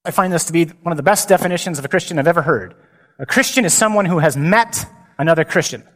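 A man, a priest, giving a lively and humorous conference talk with emphatic delivery. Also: on the high side, quick pace. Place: large hall. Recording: long hall reverb.

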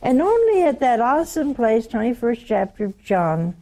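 A woman with a Southern US accent preaching a sermon, telling a Bible story in an animated way and dropping to a hush for quoted lines. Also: a little high, moderate pace. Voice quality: animated, storytelling, drops to hushed tones for quotes.

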